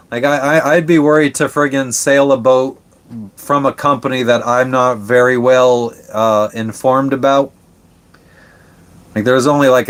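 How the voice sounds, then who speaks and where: Casual male live-stream host on a boat; relaxed, rambling, salty language, mid-range voice. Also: mid-range voice, smooth. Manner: laid-back, swears casually, rambling with restarts. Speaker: livestream host answering chat. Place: on a sailboat.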